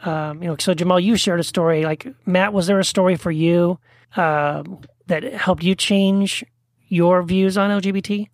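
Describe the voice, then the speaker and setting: A man's voice: high-pitched, normal speed, no echo, clean studio sound. A man from Texas, a guest author, telling stories in a casual conversation and acting out the quotes. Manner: animated storyteller, acts out quotes.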